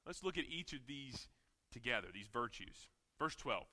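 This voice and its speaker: Southern male pastor, bright tense delivery, sermon in a reverberant church hall. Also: mid-range voice, expressive, normal speed. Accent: American Southern. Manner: earnest preaching with repeated phrases and restarts. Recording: long reverb of a large hall.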